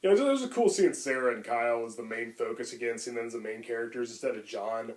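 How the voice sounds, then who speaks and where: A man co-hosting a podcast talks quickly and loosely about movies. He rambles with plenty of fillers, enthusiastic and relaxed, at a middling pitch. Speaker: podcast co-host. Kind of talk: casual chat.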